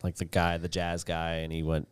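A young man musing in quick, offhand casual chat. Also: low voice, completely flat delivery, smooth, no room sound.

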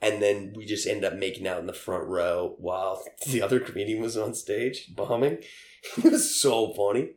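A man's voice: on the low side, moderate pace, darkish tone, roomy sound. A young man telling casual stories in an interview, rambling with lots of fillers and frequent laughs. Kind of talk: casual storytelling.

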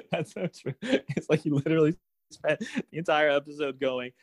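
A man's voice: a little high, lively intonation, a little slow, dry recording, studio quality. A man co-hosting a casual podcast who reviews a TV episode candidly, laughing often and sighing when he is let down. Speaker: podcast co-host. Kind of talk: casual TV recap chat.

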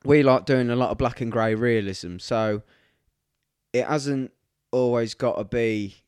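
A man on a podcast, chatting about his trade as a tattoo artist in a teasing, easygoing way. His voice sits at an average pitch for a man. The recording is close and dry. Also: darkish tone, clean tone, no room sound. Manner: teasing, quick to laugh and interject. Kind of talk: casual chat.

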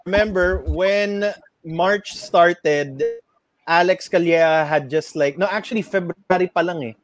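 A man's voice: sits high, unhurried. A man with a Filipino accent, rambling and correcting himself in casual podcast chat. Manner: rambling, self-correcting, mixes Tagalog into English.

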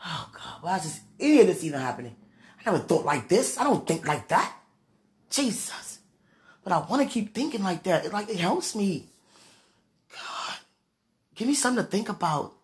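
A young woman with a somewhat low voice talks to her viewers from bed in a casual, confessional way. She sighs a lot and mutters dramatic pleas to God. Her volume swings from quiet murmurs to loud outbursts. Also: big pitch swings, normal speed, pauses often. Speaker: vlogger.

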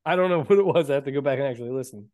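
A man's voice: medium pitch, very fast, darkish tone, dry recording. A man co-hosting a podcast, giggling and teasing through crude banter. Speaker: podcast co-host.

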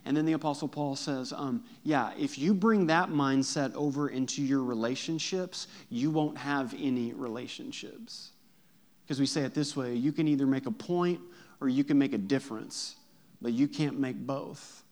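A man's voice: mid-range voice, moderate pace, darkish tone. A man preaching a sermon in a church, emphatic and often asking the congregation direct questions. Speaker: pastor.

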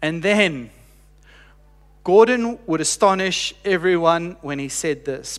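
A man preaching a sermon, telling a story earnestly with slow, emphatic pauses and dropping quiet for quoted lines. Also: a little high, expressive. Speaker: pastor. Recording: long reverb of a large hall.

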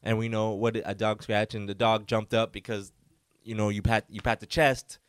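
A man hosting a solo podcast, telling a story in a rambling, animated way full of "like.". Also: fairly low pitch, normal speed, clear, resonant tone, no echo, clean studio sound. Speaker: podcast host. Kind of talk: casual storytelling.

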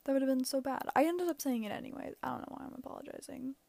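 A woman's voice: high voice, very fast, gravelly, a little mellow, no echo, whispered. A young woman hosting a casual solo advice podcast, rambling and self-mocking, with lots of "like" and frequent laughter. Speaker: podcast host.

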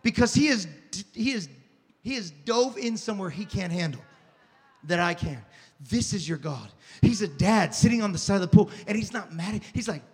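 High-voiced preacher in a reverberant hall. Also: male voice, brisk, slightly rough. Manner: animated storytelling, swings from hushed to shouting; repeats words and restarts often. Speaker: pastor. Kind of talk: sermon.

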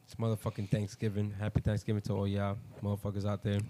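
A man's voice: on the low side, completely flat delivery, fast talker, background noise. A young man co-hosting a podcast, rambling and joking crudely in casual banter. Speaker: podcast co-host.

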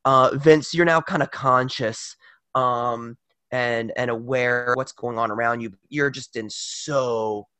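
A man's voice: mid-range voice, fairly even intonation, slow, sharp tone, dry recording. A man narrating as game master for a tabletop game, casual and rambling with lots of fillers.

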